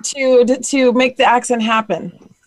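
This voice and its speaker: A woman's voice: a little high, fairly even intonation, unhurried, dry recording, poor audio. A woman co-hosting a talk show, chatty and upbeat, joking with her guests. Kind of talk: casual interview talk.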